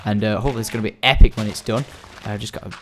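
A young Scottish man giving casual, excitable commentary while playing a building game, chatting to viewers and the animals. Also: on the low side, rapid-fire, noisy background. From Scotland. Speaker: gaming commentator.

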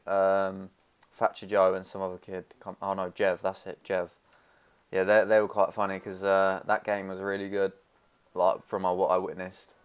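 A man's voice: sits low, clean tone. A young man, commentating nervously and swearing while playing a horror game from a small room. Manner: nervous, swearing, rambling, jumpy. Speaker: gaming youtuber. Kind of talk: casual let's play commentary.

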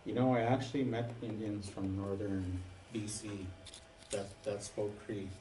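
A man's voice: on the low side, fairly even intonation, a little slow, warm tone, distant mic, slight background noise. Chatty man, off-mic in a roomy space. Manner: chatty, tells anecdotes with fillers. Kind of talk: casual chat.

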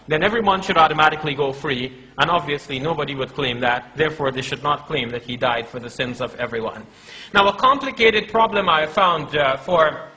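Male preacher, high bright voice, argumentative lecture that slips into acted-out dialogue. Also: rough recording. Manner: argumentative, acts out quoted dialogue; addresses audience as brothers. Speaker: Islamic preacher. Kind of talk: religious lecture.

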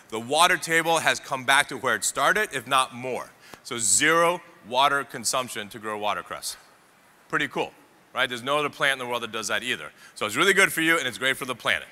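A medium-pitched man with a bright, forceful tone works the crowd as a celebrity chef, joking and chatting through a live cooking demonstration. It's captured on a trade show demo stage in an echoey hall with faint ambience.

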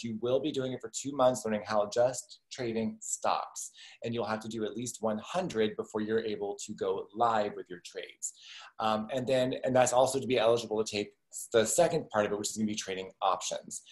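A man's voice: on the low side, low-quality recording. A man hosting an online talk show, chatting casually with jokes and self-deprecating asides. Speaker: podcast host. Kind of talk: casual chat.

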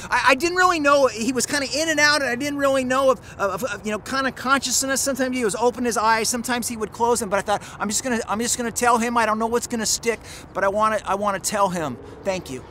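A middle-aged man, a pastor, recounts a personal story during a sermon. His voice sits unusually high for a man, and he speaks earnestly, often restarting and repeating words as he goes. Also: sharp tone, a little hiss or hum.

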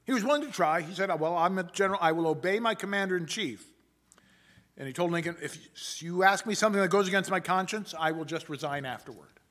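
New guy preaching a sermon, kinda high bright voice, slow and emphatic. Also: lively intonation. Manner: measured, emphatic preaching with slow quoted passages. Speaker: pastor. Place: church sanctuary.

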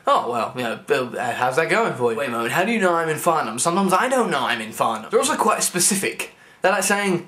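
Young male vlogger, slightly high voice, joking ramble, stammered restarts. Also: very animated, quick pace, bright, forceful tone. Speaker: comedy vlogger. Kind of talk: rambling comic vlog.

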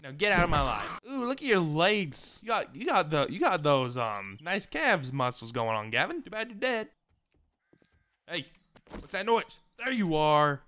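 A man's voice: a little high, expressive, normal speed, pushed and bright, a little hiss or hum. A man commenting on his survival game playthrough in a jokey way, talking back to the game and its zombies, sometimes whispering. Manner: drops to a whisper at times. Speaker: gaming channel host. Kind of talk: let's play commentary.

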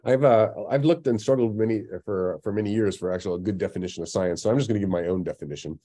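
A man's voice: fairly low pitch, quick pace, warm tone. A middle-aged man lecturing in a public science webinar, talking conversationally with lots of fillers and restarts. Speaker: astronomy lecturer. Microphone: computer mic on a webinar call.

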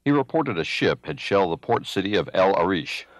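A man giving grave, measured scripted narration for a documentary. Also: sits low, sing-song. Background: music.

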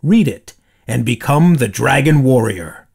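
A man's voice: medium pitch, animated, measured pace, gravelly, a little mellow, husky, heavily acted. A man doing a stern old kung fu master. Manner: stern and commanding. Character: stern small older male red panda kung fu master.

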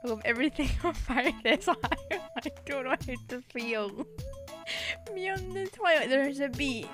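A woman's voice: high-pitched, animated, a little slow, music in the background. A young woman casually commenting on a game stream, giggling and swearing as she reads cards aloud.

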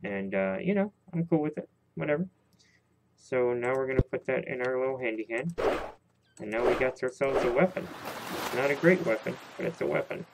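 A man's voice: mid-range voice, fairly quick, vocal fry. A man hosting a let's play, giving casual gameplay commentary in a rambling, jokey, self-mocking way. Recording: loud background noise.

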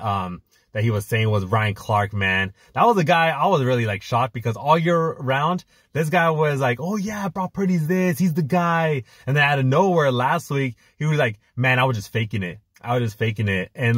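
A man co-hosting a fan podcast, talking in an excited, rambling way with lots of filler words. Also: on the low side, no echo, clean studio sound. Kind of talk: casual chat.

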